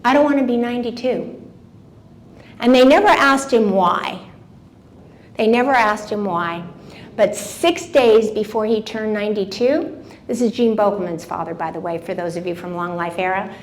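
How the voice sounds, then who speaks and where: A woman in her seventies giving a lively talk to a seated audience, asking them questions directly. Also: medium pitch, normal speed. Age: 70s. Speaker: motivational speaker. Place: event room with a seated audience.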